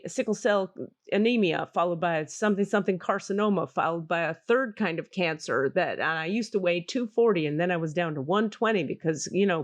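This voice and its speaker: A man's voice: high-pitched, close to an everyday voice. A woman voicing a chatty middle-aged man who runs a jet ski business and rambles matter-of-factly through his life story, in a slightly raised voice. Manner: rambling, matter-of-fact about hardship.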